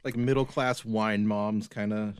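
A man's voice: fairly low pitch, steady tone, measured pace, clear, resonant tone, no echo. A man co-hosting a podcast, chatting casually and making dry, wry remarks. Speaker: podcast co-host. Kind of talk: casual chat.

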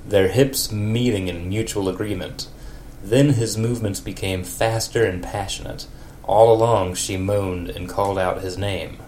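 Give me a low-voiced man hosting a podcast, reading in a slow, deadpan way. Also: a little hiss or hum. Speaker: podcast host. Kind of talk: reading a story aloud, then casual chat.

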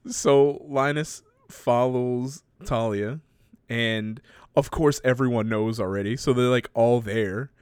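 A man's voice: medium pitch, takes it slowly, darkish tone, clean tone, dry recording, studio quality. A man casually recapping a story and acting out the characters' lines, laughing often as he talks.

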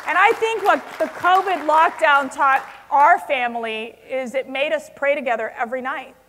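A woman's voice: high-pitched, moderate pace, fairly bright tone, some chatter behind, a little hiss or hum. A woman giving a passionate speech to a conference audience, stressing words hard. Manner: passionate, emphatic, rising to strong stresses. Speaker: conference speaker. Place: large convention hall. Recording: long hall reverb.

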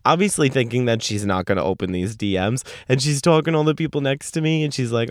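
A man's voice: medium pitch, fast, hardly any pauses, dry recording, studio quality. A man, hosting a podcast and telling a story in a brash, profane, sassy way. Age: late 20s. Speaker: podcast host. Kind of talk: casual storytelling monologue.

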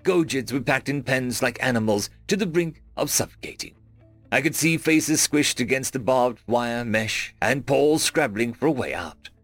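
A man narrating a first-person science fiction story in a measured storytelling manner. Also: medium pitch, expressive, fairly bright tone, dry recording. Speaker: audiobook narrator. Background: faint background music.

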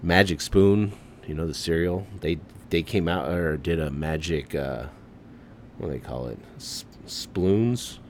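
Deep-voiced midwest guy riffing solo on a podcast, chill and hyped, says man a lot, faint hiss behind. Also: steady tone, normal speed. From American Midwest. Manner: laid-back, enthusiastic, says "man" a lot, swearing. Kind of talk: casual solo commentary.

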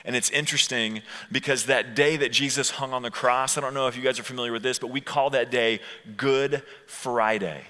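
A man in his thirties preaching a conversational sermon to students, acting out quotes and slowing down for key points. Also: medium pitch, steady tone, pushed and bright. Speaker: youth pastor. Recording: long hall reverb.

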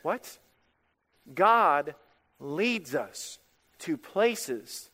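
A male pastor preaching a sermon in an animated, emphatic way, repeating phrases for effect. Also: high-pitched, normal speed, long reverb tail.

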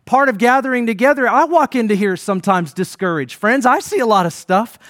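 A man's voice: very high-pitched, lively intonation, brisk, a bit bright, no echo, studio quality. A man preaching a sermon as pastor, building emphasis and calling on the congregation to respond.

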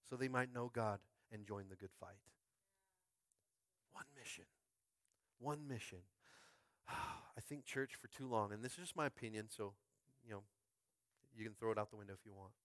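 Fervent pastor preaching, dry close sound. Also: male voice, mid-range voice, moderate pace, no room sound. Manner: fervent, swings from quiet musing to shouted climaxes; calls out to the congregation. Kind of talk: sermon. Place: school space used as a church.

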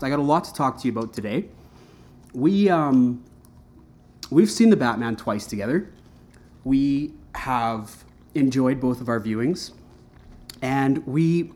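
A man's voice: mid-range voice, darkish tone. A man hosting a casual podcast, chatty and rambling, asking lots of questions and slipping into a radio announcer delivery at times. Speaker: podcast host.

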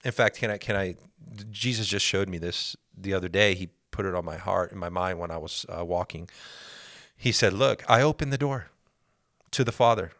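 A man's voice: low voice, moderate pace, a bit bright, dry recording, clean studio sound. A man hosting a faith podcast, teaching in an earnest way, repeating key phrases and acting out prayers in the first person. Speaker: podcast host.

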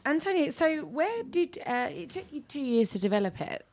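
A woman's voice: sits high, sing-song, moderate pace, a little mellow. A woman co-hosting a casual interview, asking the guest questions. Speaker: co-host.

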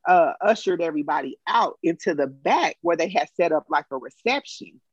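A woman telling a personal story in a casual, animated way and acting out the quotes. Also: low-pitched, brisk, husky, no room sound, lo-fi sound. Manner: animated, acts out quotes, emotional.

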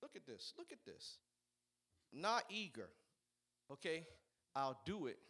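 A man preaching a sermon, swinging between shouted, fiery peaks and quiet, conversational asides. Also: on the high side, sing-song, a little slow, husky. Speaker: pastor.

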